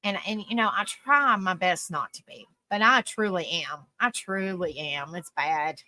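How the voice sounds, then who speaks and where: Bright-voiced woman, earnest rambling stream talk. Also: on the low side, a little slow. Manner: rambling and earnest, heavy on "you know". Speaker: live-stream panel host. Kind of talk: casual live-stream talk.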